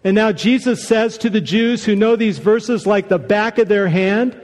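A man preaching a sermon, conversational and animated, with casual asides to the congregation. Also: high voice, moderate pace, few pauses, in a large hall. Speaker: pastor.

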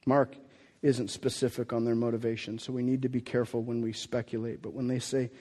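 A man's voice: medium pitch, little pitch movement, brisk, dark tone. Man preaching in an echoing hall. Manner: conversational preaching with rhetorical questions and restarts. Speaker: pastor. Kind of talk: sermon.

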